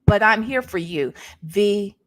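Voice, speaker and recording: A woman vlogger doing animated gossip commentary, repeating herself and talking back to her live chat. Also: medium pitch, takes it slowly.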